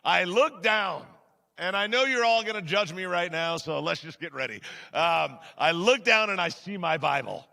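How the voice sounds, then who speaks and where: A man's voice: sits high, lively intonation, moderate pace, creaky, pushed and bright. A middle-aged man preaching, telling a story in a chatty, self-deprecating way with many fillers, in a church sanctuary. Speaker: guest pastor. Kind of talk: sermon storytelling. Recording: large hall with long reverb.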